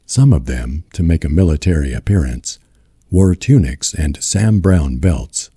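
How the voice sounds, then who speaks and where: Deep-voiced man reading a novel. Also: expressive, mellow, breathy edge, no echo, studio quality. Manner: slow, measured reading. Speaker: audiobook narrator. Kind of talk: scripted narration.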